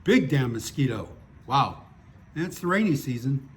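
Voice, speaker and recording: A man's voice: medium pitch, sing-song, moderate pace. An older man reading his own stories aloud and breaking off into digressive, self-mocking asides. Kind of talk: story reading with chatty asides.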